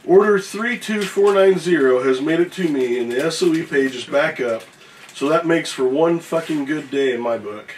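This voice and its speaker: A slightly high-voiced man reads a viewer's email aloud on a casual morning show, dropping curses and jokes as he stumbles along. He sits a little away from the mic, with faint noise behind him. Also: moderate pace, far from the mic, poor audio. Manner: profane, joking, reads with stumbles. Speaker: show regular reading viewer mail.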